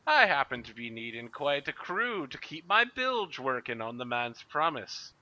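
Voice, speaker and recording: Shrill squeaky pirate mate. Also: male voice, moderate pace, no echo. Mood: eager. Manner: high-pitched, excitable pirate drawl. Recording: muffled lo-fi recording.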